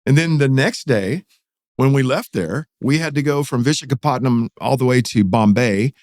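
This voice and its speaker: A man's voice: mid-range voice, normal speed, no echo, studio quality. A middle-aged man with a Texan accent, a pastor telling a dramatic story in a casual podcast interview, his voice climbing as the tale builds. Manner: animated, dramatic retelling with rising excitement.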